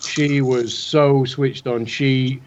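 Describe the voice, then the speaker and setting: A man co-hosts a casual chat show, rambling along in a chatty way with lots of filler words. His voice is mid-range and steady, and he takes his time. The audio is dull, lo-fi online call quality.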